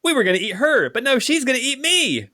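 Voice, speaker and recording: A man voicing a cowardly small male goblin creature who whines in a squeaky, frantic voice. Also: big pitch swings, a little fast, pushed and bright, full character voice. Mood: panicked.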